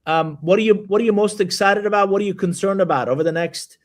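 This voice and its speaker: A man's voice: sits high, fast. A man hosting an interview, giving encouraging remarks and asking long questions that he restarts several times. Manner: affirming, rambling questions with restarts. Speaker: interview host. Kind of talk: conversational interview.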